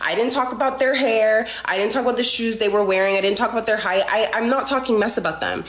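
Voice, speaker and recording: A woman's voice: fairly high pitch, fast talker. A woman giving blunt advice in a clip, listing her points by number. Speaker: commentator in a played video clip. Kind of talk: direct advice talk. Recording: roomy echo.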